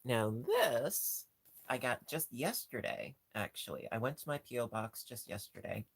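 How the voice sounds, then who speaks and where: A man's voice: sing-song, measured pace, vocal fry, a little hiss or hum. Gushing man squealing over cute crafts. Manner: gushing, jumps to squeaky high pitch on cute things; rambling with frequent restarts and ums. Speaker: livestream host. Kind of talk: casual livestream chat.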